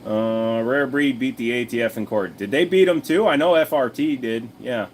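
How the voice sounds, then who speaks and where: A man's voice: medium pitch, normal speed, a little hiss or hum. A man hosting a casual livestream, answering chat in a blunt, profane, rambling way with plenty of fillers. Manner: chatty, talks straight to viewers.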